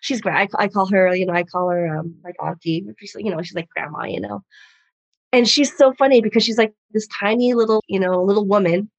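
A woman's voice: mid-range voice, brisk, no echo. A young woman in casual chat, a jiu-jitsu fighter telling stories and acting out her mother's voice, laughing often. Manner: chatty storyteller, acts out her mom's voice, laughs often.

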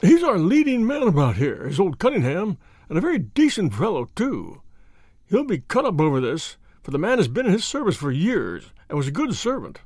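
A man voicing a bluff, hearty old army colonel who talks briskly and emphatically. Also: sits high, wildly swooping pitch, darkish tone, no room sound, clean studio sound, exaggerated voice.

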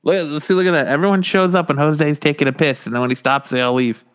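A man's voice: a little high, fast talker, smooth. A man co-hosting a podcast in casual banter, swearing freely and acting out what other people said. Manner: profane, animated storyteller who acts out quotes. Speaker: podcast co-host.

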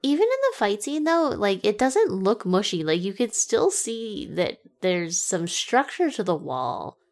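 Woman, casual podcast co-host, dry wry humor, mid pitch. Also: big pitch swings, unhurried. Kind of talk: casual movie review chat.

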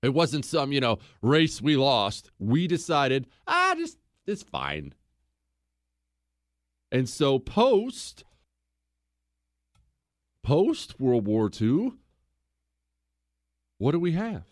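A man hosts a history show in a casual, storytelling way. He talks slowly and his pitch leaps all over as he mocks the figures he describes. The sound is dry and close. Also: no room sound. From United States. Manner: sarcastic, animated, acts out quotes. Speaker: podcast host.

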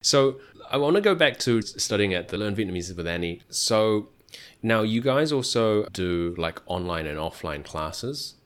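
A man's voice: on the low side, sing-song, normal speed. A man hosting a podcast interview, asking curious follow-up questions with hesitant restarts.

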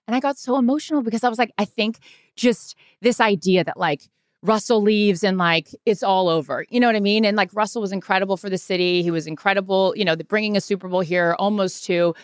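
A woman's voice: mid-range voice, fast, smooth, no echo, studio quality. A woman from Seattle co-hosting a sports podcast, chatting in a rambling, emotional way with lots of fillers. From Seattle, USA. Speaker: podcast co-host, sports reporter. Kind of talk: casual chat.

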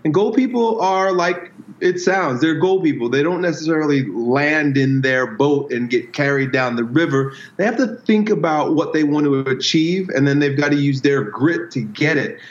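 Guy coach talking slow and thoughtful in an interview, kinda high voice, echoey room. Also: lively intonation. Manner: reflective, explains with metaphors and personal stories. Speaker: strength coach, guest. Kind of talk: casual conversational interview. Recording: roomy, slightly dull sound.

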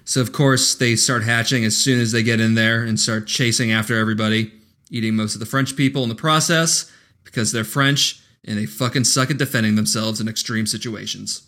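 A man's voice: on the low side, fairly even intonation, fairly quick, pushed and bright. Crude, jokey man riffing on a movie. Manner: crude, jokey, laughs often. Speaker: podcast co-host. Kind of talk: casual movie-riffing chat.

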